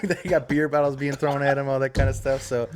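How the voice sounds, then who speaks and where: A man's voice: medium pitch, fairly even intonation, a little fast, a little hiss or hum. A man hosting a casual podcast interview, laid-back and laughing along, often stumbling over words. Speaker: podcast host.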